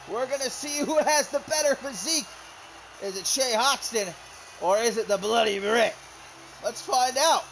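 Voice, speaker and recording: A man calling a wrestling match play-by-play, excited and shouting out the big moves. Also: high-pitched, moderate pace, slight background noise, poor audio. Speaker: wrestling commentator. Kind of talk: play-by-play commentary.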